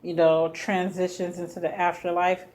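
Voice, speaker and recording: A woman's voice: on the low side, level tone, moderate pace, darkish tone. A woman casually telling a personal story to her viewers, talking to them directly as y'all with lots of fillers. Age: adult with a child. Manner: chatty, addresses viewers as y'all, many fillers.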